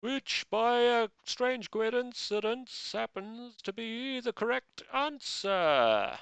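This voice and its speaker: A man putting on a grand, drawn-out game-show announcer voice, pitched well above his own. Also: expressive, a bit bright, clear, resonant tone, dry recording, exaggerated voice. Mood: grandiose. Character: booming male game-show stage announcer.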